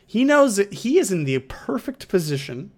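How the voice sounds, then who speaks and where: A man's voice: high voice, very animated, normal speed. A man co-hosting a casual podcast chat, opinionated and building his argument step by step. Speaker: podcast co-host.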